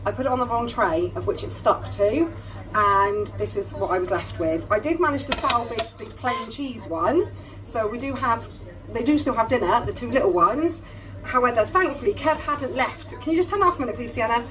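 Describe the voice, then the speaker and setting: A woman's voice: on the high side, expressive, moderate pace, a bit bright, poor audio. A woman chatting casually to camera in a car, upbeat and now and then turning to talk to her kids. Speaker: family vlogger. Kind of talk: casual vlog chat to camera. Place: inside a parked or moving car. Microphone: phone in a holder.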